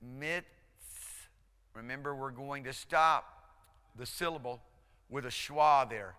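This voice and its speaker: A male instructor lecturing a class, encouraging and conversational, drilling pronunciation slowly, syllable by syllable. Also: medium pitch, sharp tone, clean tone. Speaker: Hebrew instructor. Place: lecture hall. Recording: lecture hall reverb.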